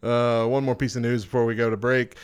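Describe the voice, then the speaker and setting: A man's voice: mid-range voice, level tone, brisk, smooth. A young man hosting a casual chat show, reading out odd news items and joking about them. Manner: reads facts aloud then jokes. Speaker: podcast host.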